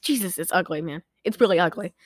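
A woman's voice: fairly low pitch, animated, fast talker. A woman co-hosting a casual movie recap, rambling, giggling and acting out lines from the film. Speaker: podcast co-host recapping a movie. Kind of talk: casual chat.

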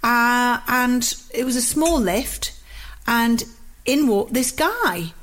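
A northern English woman in her fifties chatting on a podcast, her voice sitting a little high. She tells stories chattily and gets animated when she acts out what people said. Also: slow. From northern England. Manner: chatty storyteller, animated when acting out dialogue. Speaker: podcast host. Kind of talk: casual chat.

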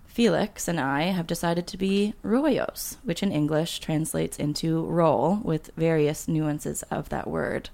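A woman's voice: low-pitched, creaky, darkish tone. A woman author chatting casually on a podcast and reading her memoir aloud, laughing often. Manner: laughs often, reads with light voicing of dialogue. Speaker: guest author.

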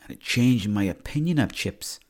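With a mid-range voice, an animated delivery, and a moderate pace, a young Irish man hosts a podcast. He tells rambling comic stories and swears freely throughout.

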